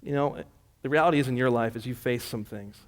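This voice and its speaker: A man's voice: mid-range voice, fast. Man preaching in an echoey church. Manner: conversational storytelling, retelling scripture casually. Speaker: pastor. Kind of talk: sermon. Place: church sanctuary.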